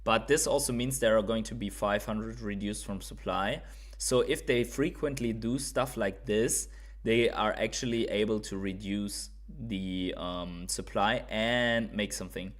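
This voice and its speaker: A German man with a German accent hosts a casual livestream, thinking out loud, swearing now and then, and often tacking on "right?". His voice is on the low side and his pace measured.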